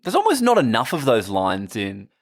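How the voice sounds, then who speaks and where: A man co-hosts a casual film podcast, blunt, excitable, and swearing freely. His mid-range voice moves at normal speed, recorded dry with clean studio sound.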